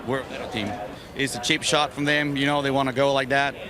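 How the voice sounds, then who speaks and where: A man in a middle-pitched voice, a racing crew chief giving a post-race interview outdoors. He speaks in an aggrieved, halting way with many fillers. A loud crowd and vehicles sound behind him. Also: steady tone.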